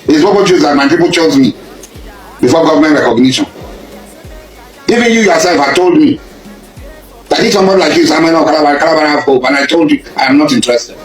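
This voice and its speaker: A man with a Nigerian accent giving an impassioned public speech, accusing a rival and repeating his points, at times rising to a shout. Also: on the high side, fast, pauses often, echoey room, faint music behind, rough recording. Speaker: public speaker addressing a rival.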